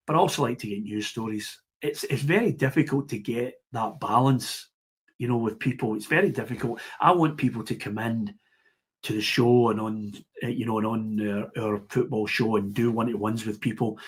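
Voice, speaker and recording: A middle-aged Scottish man, a football broadcaster, chatting as a guest in a podcast interview and telling lively stories, acting out the players he quotes. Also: on the low side, slightly rough. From Scotland. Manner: lively storyteller who acts out the players he quotes. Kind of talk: casual interview chat.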